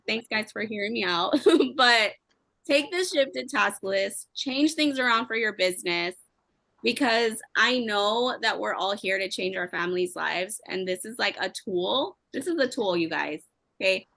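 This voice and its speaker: Bright-voiced woman, chatty and candid. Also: fairly high pitch, dry recording. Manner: emotional, candid, fast and chatty. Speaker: team member sharing advice. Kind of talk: candid motivational chat.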